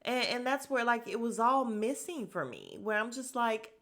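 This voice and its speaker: A woman hosting a podcast, recapping a reality show in a casual, sassy way with quick mimicked asides. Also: fairly high pitch, big pitch swings, fairly bright tone.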